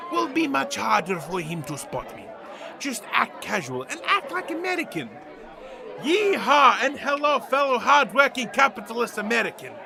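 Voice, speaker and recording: A man doing a gravelly Russian ex-spy villain. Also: high voice, heavily acted. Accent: put-on Russian. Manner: broken-English villain bluster. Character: scheming retired Soviet spy turned deli owner, male, middle-aged. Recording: crowd chatter behind.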